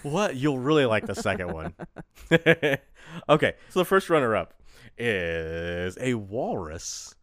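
A man co-hosting a chatty podcast, telling odd stories in a rambling, jokey way and laughing often. His pitch swings widely. The recording is close and dry, with no room sound. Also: very animated, moderate pace, fairly bright tone, no echo. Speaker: podcast co-host. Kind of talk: casual chat.

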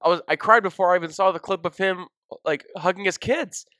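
Excitable young man telling a story. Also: sits high, brisk, no room sound. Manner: excitable, emotional storytelling with lots of "dude" and "like". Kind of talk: casual chat.

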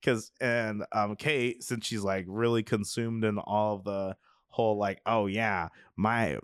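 A man co-hosting a podcast in casual chat, animated and playful, acting out quotes in funny voices and laughing often. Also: lowish voice, a little slow, clear, resonant tone, no echo. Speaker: podcast co-host.

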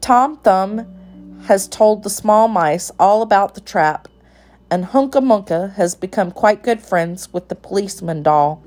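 A woman reading a children's story aloud in a calm, even storytelling manner. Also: mid-range voice, a little slow, soft background music.

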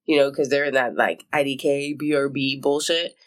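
A woman's voice: a bass voice, fairly even intonation, moderate pace. A woman co-hosting a podcast in casual chat, telling stories animatedly and acting out dialogue with plenty of swearing. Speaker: podcast co-host.

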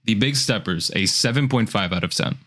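A man co-hosting a podcast, giving a relaxed, opinionated album review with frequent restarts. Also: fairly low pitch, a little fast. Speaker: podcast co-host. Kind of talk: casual album review chat.

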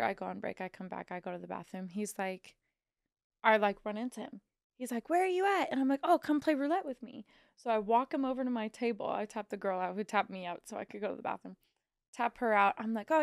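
Young woman co-host from Missouri, chatty storyteller with a raspy fry, dry studio sound. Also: mid-range voice, no echo. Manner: chatty storyteller, acts out quotes, swears freely. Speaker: podcast co-host. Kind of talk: casual chat.

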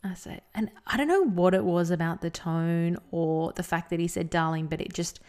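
A woman co-hosting a podcast, chatting casually and telling an animated story with frequent laughs. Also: lowish voice, normal speed, clear, resonant tone. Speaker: podcast co-host. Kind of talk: casual chat.

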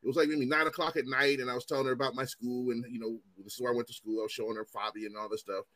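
A man in his forties telling stories in casual chat as host, animated and profane, acting out what others said. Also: medium pitch, rapid-fire, no room sound. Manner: animated, profane, acts out quotes in raised voices.

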